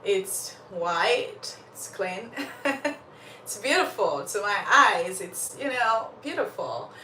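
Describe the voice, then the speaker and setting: Chatty woman streaming from Uganda, slow and bright. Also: medium pitch, lively intonation, far from the mic. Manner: chatty, laughs often, answers viewer comments. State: slight cough, under the weather. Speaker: livestream host. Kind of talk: casual live chat with viewers. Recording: roomy sound from off the mic, faint background noise.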